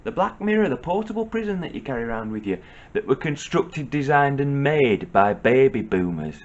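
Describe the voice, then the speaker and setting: A man's voice: medium pitch, very animated, moderate pace, dull audio. A middle-aged man with a Northern English accent, giving a blunt, sardonic comic advice monologue in a lecturing tone. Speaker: comedian.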